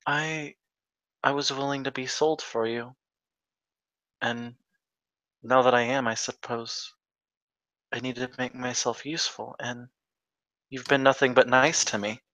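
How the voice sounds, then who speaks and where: Guy doing a shy earnest girl servant, slow and hesitant, bright voice, game roleplay. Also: mid-range voice, steady tone, dry recording, poor audio. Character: young woman, meek eager servant.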